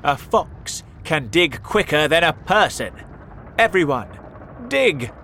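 A man voicing a worried father fox who urges his family on in shouts. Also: fairly high pitch, huge pitch swings, slow, a little hiss or hum, pitched above the performer's own voice, full character voice. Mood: urgent. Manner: urgent and shouting. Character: worried adult male fox, a protective father.

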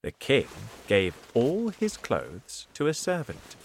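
A man reading a simple story aloud in a slow, clear storytelling manner. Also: medium pitch, huge pitch swings, slight background noise. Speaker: narrator. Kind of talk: scripted story narration.

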